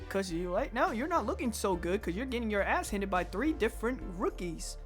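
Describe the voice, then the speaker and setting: A woman streamer reacting excitedly and laughing while reading game dialogue aloud. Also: mid-range voice, brisk, few pauses, soft background music.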